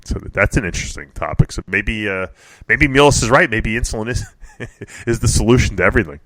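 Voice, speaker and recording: A man hosting a radio talk show, telling animated stories and laughing as he chats. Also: on the low side, brisk, dry recording. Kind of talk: casual chat.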